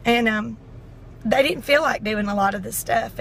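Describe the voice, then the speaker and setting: A woman's voice: a little high, moderate pace, gravelly, fairly bright tone, slight background noise, rough recording. A middle-aged woman, chatting in a folksy, heartfelt way. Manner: folksy and heartfelt, tearful at times. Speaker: vlogger. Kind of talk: casual chat.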